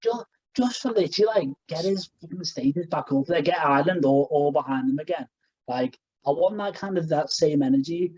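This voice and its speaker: A man's voice: on the high side, lively intonation, brisk, darkish tone, breathy edge. Rambling young man on a dull lo-fi podcast. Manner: rambling, full of fillers and restarts. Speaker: podcast co-host. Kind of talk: casual chat.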